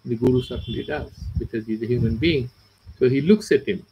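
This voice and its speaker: A man's voice: medium pitch, fairly quick, muffled recording, slight background noise. A man with an Indian English accent teaching philosophy, explaining verses with everyday examples and mixing in Sanskrit and Hindi. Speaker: Vedanta teacher. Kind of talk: philosophy lecture.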